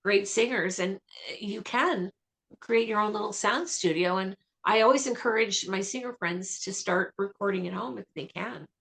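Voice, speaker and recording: A woman vocalist talking as a guest in a radio interview, chatty and enthusiastic with quick asides. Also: medium pitch, vocal fry, fairly bright tone.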